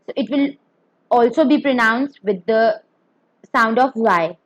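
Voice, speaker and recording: Woman teacher, slightly high voice, dry close recording, careful and deliberate delivery of a pinyin lesson. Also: no echo, lo-fi sound. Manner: careful, demonstrates tones. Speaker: Mandarin teacher.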